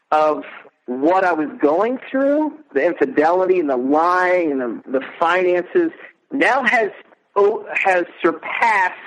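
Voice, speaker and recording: A middle-aged man talks as a guest in a casual interview. His voice sits somewhat high, and he speaks earnestly and emotionally, with halting starts. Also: poor audio.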